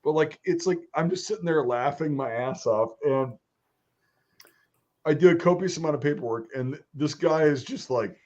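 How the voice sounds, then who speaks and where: A man's voice: a little high, moderate pace. A man telling a crude story in casual chat, swearing constantly and laughing often. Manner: animated, laughing, swears a lot. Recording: dull lo-fi sound.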